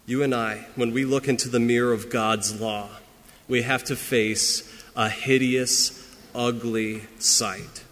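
A man preaching a sermon as pastor, earnest and emphatic, pressing some lines hard and dropping others to a hush. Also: medium pitch, slow, long reverb tail.

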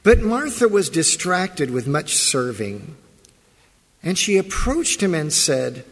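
Lively, slow-preaching man in an echoing church. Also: fairly high pitch. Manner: expressive preaching, rhetorical questions. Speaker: pastor. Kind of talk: sermon. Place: church sanctuary. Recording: long church reverb.

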